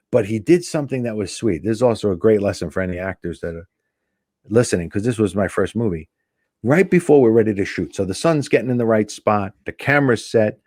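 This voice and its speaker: A man's voice: fairly low pitch, no echo, clean studio sound. A male comedian telling a casual anecdote as a guest, acting out the dialogue. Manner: animated anecdote teller acting out quoted dialogue. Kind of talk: casual storytelling.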